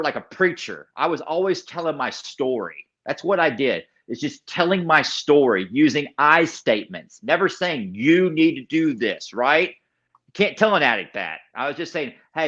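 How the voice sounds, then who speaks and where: A man's voice: fairly high pitch, expressive, moderate pace, a bit bright, highs cut off. A man guest telling his personal recovery story in an interview. He is an emphatic storyteller who repeats key phrases and acts out other people's lines. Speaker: podcast guest.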